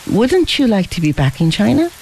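A storybook reader voicing a genial, well-off young man who talks briskly and at length. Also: medium pitch, big pitch swings, gravelly, a little mellow, a little hiss or hum, voice pushed up, poor audio. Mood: teasing. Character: well-off young man, teasing then remorseful.

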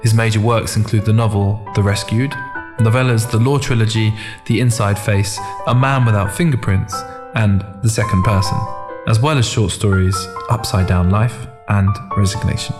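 A man narrating a first-person short story in a calm, measured, reflective reading. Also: fairly low pitch, music in the background. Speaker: audiobook narrator. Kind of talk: scripted narration.

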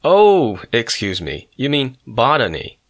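A man's voice: medium pitch, very animated, measured pace, fairly bright tone. A man reading aloud voices a curt male bookstore sales clerk. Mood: brusque. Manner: brusque, then apologetic.

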